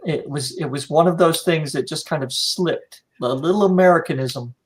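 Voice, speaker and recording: Teasing husky man hosting. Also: on the high side, normal speed. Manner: teasing, joking. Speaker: podcast host. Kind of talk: casual interview chat.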